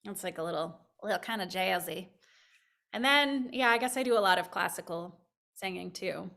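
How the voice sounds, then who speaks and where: A voice actress chatting as a podcast guest, her woman's voice a little tired and rough, talking loosely with lots of fillers. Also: lowish voice, moderate pace, a bit bright. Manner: chatty, self-deprecating, full of fillers. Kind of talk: casual interview chat.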